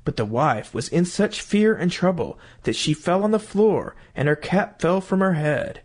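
A man reading a fairy tale aloud as storyteller, in an expressive, melodic way. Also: sits high, normal speed.

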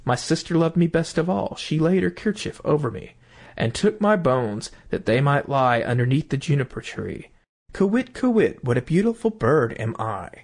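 A man's voice: fairly high pitch, big pitch swings, moderate pace, a little mellow. A man voicing a magical songbird, a murdered boy reborn, chanting its lament in a lilting singsong. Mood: eerie singsong.

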